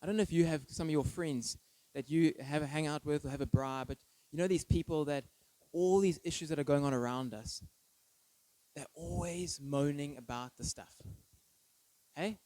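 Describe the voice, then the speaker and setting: A pastor preaching an earnest, emphatic sermon full of rhetorical questions. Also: male voice, fairly high pitch, moderate pace, warm tone, no echo, low-quality recording. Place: church.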